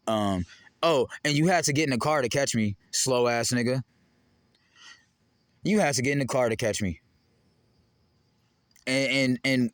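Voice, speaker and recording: A man's voice: mid-range voice, no echo. Heated rambling Bay man, dry sound. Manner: heated, rambling, profane, jumping between topics. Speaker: vlogger. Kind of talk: ranting monologue to camera.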